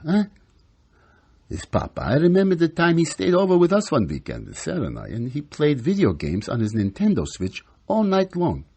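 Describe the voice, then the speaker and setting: A man's voice: medium pitch, a little mellow, slightly rough. A man performing a comic stage monologue as an exasperated psychiatrist in his sixties and a grumbling grandfather, ranting and complaining with Yiddish words.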